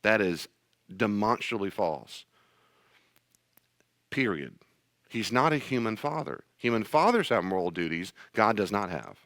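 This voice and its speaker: A male pastor delivering a sermon-style teaching talk with blunt, emphatic force. His pitch swings widely as he drives each point home. The recording is dry and close, with no room echo. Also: sing-song, measured pace, long pauses, a bit bright. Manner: emphatic, blunt, acts out scenes.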